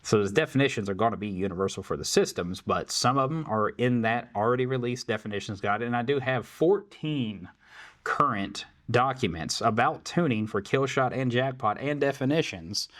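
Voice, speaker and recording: A man's voice: medium pitch, expressive, normal speed, a bit bright. A man hosting a casual tech Q&A, answering viewer questions in a loose, chatty way full of fillers. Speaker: tech support host. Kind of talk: casual Q&A livestream.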